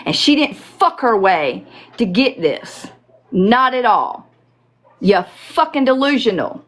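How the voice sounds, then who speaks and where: Brief: female streamer, heated commentary, emphatic and cussing, unhurried pace. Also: a little high, sing-song. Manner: profane, emphatic, indignant. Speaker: livestream host.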